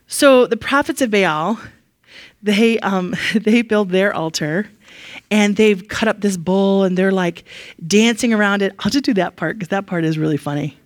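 A woman's voice: mid-range voice, normal speed, no room sound. Woman, casual Bible teaching, chatty, laughs often, dry close sound.

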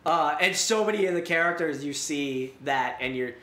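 A man co-hosting a casual podcast, retelling a show scene in animated, rambling bursts full of restarts and fillers. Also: on the high side, moderate pace. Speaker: podcast co-host. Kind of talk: casual chat. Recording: roomy echo.

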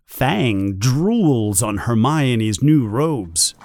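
A man narrating a storybook in a measured, expressive reading. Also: medium pitch, background noise.

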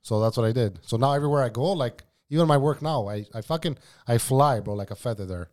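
A man's voice: medium pitch, fast, darkish tone. Profane storytelling man. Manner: profane, storytelling, says bro a lot. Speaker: podcast guest, former cook. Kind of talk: casual chat.

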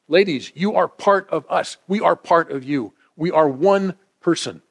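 A male preacher delivering a sermon with a fairly high, lively voice. He leans hard on key lines, then drops low and quiet to draw listeners in. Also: a little slow, gravelly. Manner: dynamic, swinging from emphatic to hushed.

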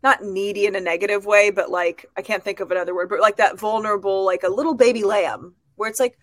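A woman's voice: medium pitch, fairly even intonation, quick pace, dry recording. Earnest woman therapist, dry close mic. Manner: earnest, talks through her own experience. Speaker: therapist and podcast co-host. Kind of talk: casual advice chat.

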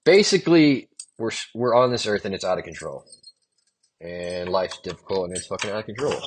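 A young man rambling through a profane solo monologue, drifting off into quiet mumbles between lines. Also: low-pitched, lively intonation, a little fast, husky. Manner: meandering, profane, trails off quietly. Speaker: podcast host.

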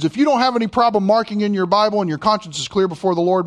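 Guy preaching, really high voice, slows right down on the verses. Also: animated. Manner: emphatic, slows way down to read scripture. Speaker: pastor. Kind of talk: sermon.

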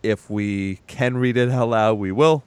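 A man's voice: mid-range voice, a little slow, clean tone, no room sound. A man hosting a casual podcast, joking around and laughing often with his co-hosts. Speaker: podcast host. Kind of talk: casual chat.

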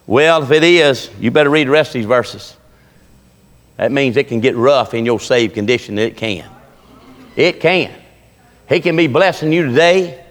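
Brief: preacher man, high bright voice, folksy storytelling, reverberant hall. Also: moderate pace. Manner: folksy storytelling with Southern dialect, rising to shouts. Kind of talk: sermon.

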